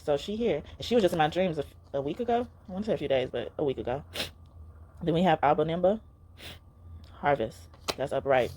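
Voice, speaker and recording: A woman's voice: low voice, dark tone, slight background noise. A young woman giving a casual spiritual card reading, talking in an earnest, emotional, pleading way.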